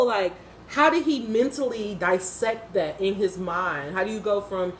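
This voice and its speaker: A woman's voice: mid-range voice, measured pace, echoey room, slight background noise. Blunt, impassioned woman reviewing a TV episode. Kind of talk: unscripted casual commentary.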